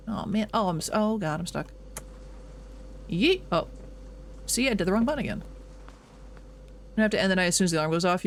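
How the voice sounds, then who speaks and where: A young man streaming a video game, chatting casually with his chat while he plays, animated and self-mocking. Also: sits high, a little hiss or hum.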